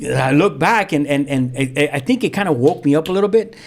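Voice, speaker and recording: A man, a pastor telling his own story as a guest in lively, vivid storytelling with street slang and sound effects. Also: on the high side, fairly quick. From South Central Los Angeles. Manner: frequent restarts, street slang. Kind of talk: animated storytelling.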